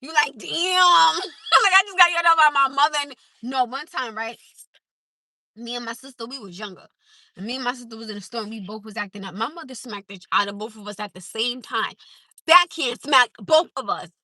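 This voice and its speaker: A woman chatting casually on a livestream from her car, laughing often as she tells animated stories. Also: a little high, a little fast, dry recording. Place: in a car at a drive-through.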